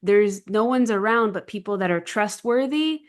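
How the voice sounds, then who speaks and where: A woman voicing a relaxed male farmhand who shrugs off a worry in an offhand way. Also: mid-range voice, moderate pace, close to an everyday voice. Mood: dismissive. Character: calm male farmhand thinking everything is safe.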